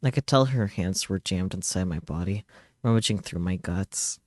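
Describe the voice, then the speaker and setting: A man's voice: deep voice, moderate pace, no echo, clean studio sound. A man streamer reading a visual novel aloud in a dramatic, brooding narration.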